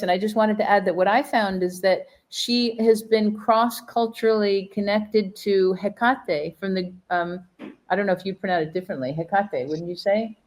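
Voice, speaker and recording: A woman's voice: medium pitch, darkish tone. A woman co-hosting a podcast in casual conversation, enthusiastic and prone to speculative tangents. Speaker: podcast co-host.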